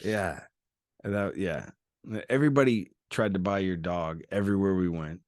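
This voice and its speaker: A man's voice: sits low, normal speed, darkish tone, dry recording, clean studio sound. A man hosting an unscripted chat, telling a story with lots of swearing and acting out what people said. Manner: storytelling, profane, acts out quoted voices. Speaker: podcast host.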